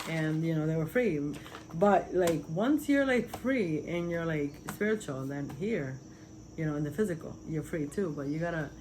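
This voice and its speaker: In a rough recording with a little hiss or hum, a woman from Puerto Rico speaks in a lowish voice about visions she's had. The vlog feels like a casual testimony: earnest, meandering, and heavy on fillers.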